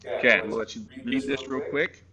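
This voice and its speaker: Brief: middle-aged man, mid-pitched, motivational speaker telling lively stories, live audience audible. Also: fairly quick, crowd noise. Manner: storytelling, acting out quoted lines, asking the audience questions. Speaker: conference speaker, resort facilities director. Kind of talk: motivational conference talk.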